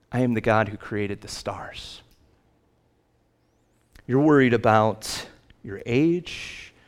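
A male pastor preaching a sermon, slowing down and rising for emphatic lists. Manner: rises in pitch and slows for emphatic lists.

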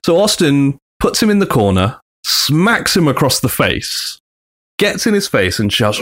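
A man's voice: fairly high pitch, a little slow. A man co-hosting a podcast, telling a story casually and acting out the quotes. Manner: animated, acts out quotes in big voices. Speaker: podcast co-host.

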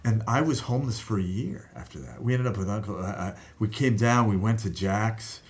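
A man telling a personal story in casual talk, animated, laughing at times and swearing freely. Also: fairly low pitch, fairly quick. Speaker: guest telling a life story.

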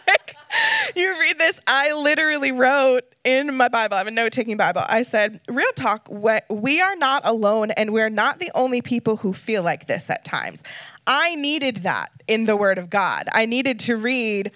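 A woman's voice: on the high side, lively intonation, normal speed, fairly bright tone, dry recording. A woman guest speaker giving an earnest, emotional sermon, reading scripture and talking casually with fillers.

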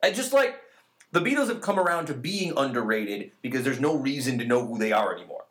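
A young man co-hosting a podcast, chatting casually and arguing his points with animated swings. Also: fairly quick, a little hiss or hum. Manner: animated, swings pitch widely when arguing. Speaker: podcast co-host. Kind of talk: casual chat.

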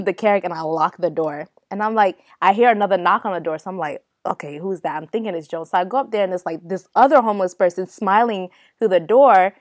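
Animated woman telling a funny story. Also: fairly low pitch, dry recording, clean studio sound. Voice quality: laughs often while talking. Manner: animated storyteller, acts out quoted people. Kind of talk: casual chat.

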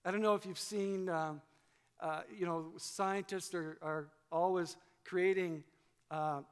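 High-voiced man preaching in a reverberant hall. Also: steady tone, slow, smooth. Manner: emphatic, repetitive preaching cadence. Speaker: pastor. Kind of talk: sermon. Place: church sanctuary.

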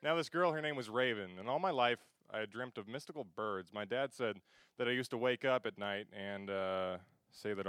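A man's voice: mid-range voice, expressive, a little fast, no echo, clean studio sound. Teenage boy performing spoken word. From Alaska. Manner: self-mocking storyteller with sudden swings between hushed and loud.

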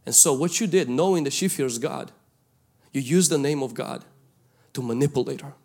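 A male pastor, preaching a sermon and telling a story from his youth, swinging between loud calls and hushed asides. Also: medium pitch, normal speed, slightly rough. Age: 20s at the time of the story, now older.

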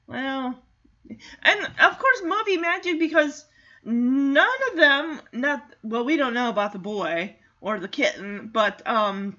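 Bright, animated woman recapping a film. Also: sits high, slow pace, highs cut off. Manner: excitable, animated storytelling. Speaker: movie recap host. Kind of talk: casual movie recap.

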